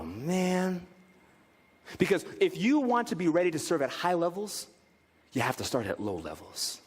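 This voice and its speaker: A male pastor preaching a sermon in an animated way, often slipping into the voices of the people in his examples. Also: on the high side, breathy edge. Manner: animated, acts out quoted voices. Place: church sanctuary. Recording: reverberant church hall.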